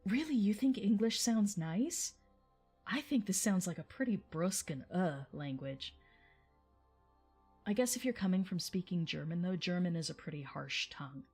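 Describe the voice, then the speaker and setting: A woman's voice: on the low side, expressive, moderate pace, darkish tone, breathy edge, faint music behind. A woman hosting a livestream, chatting casually with viewers in a rambling way and laughing often. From United States. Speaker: livestream host.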